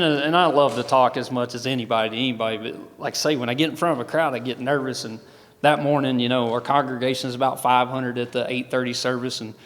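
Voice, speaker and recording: A man's voice: mid-range voice, fairly bright tone. A man gives a folksy personal testimony as a guest speaker, with many restarts. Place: large event hall. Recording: long hall reverb.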